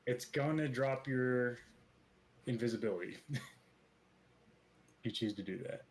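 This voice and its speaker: A man narrating as game master of a tabletop role-playing game, relaxed and full of hesitations. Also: mid-range voice, unhurried, slight background noise, poor audio. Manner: relaxed, hesitant with many fillers.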